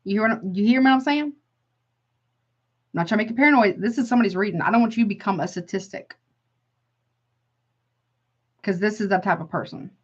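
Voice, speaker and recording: A woman reads tarot cards in a blunt, emphatic, exclaiming way, often cutting in with a flat "no" and calling the listener honey. Her voice sits at an ordinary middle pitch. The recording is a little dull and lo-fi. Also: brisk, long pauses, slightly rough. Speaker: tarot reader. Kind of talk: casual tarot reading to camera.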